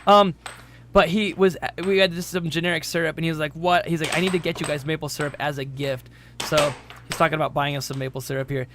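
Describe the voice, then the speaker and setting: A man's voice: fairly high pitch, steady tone, a little fast. A man doing casual play-by-play commentary for an air hockey livestream, reading out chat messages and laughing easily. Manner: chatty, reads chat aloud, laughs easily. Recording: noisy room.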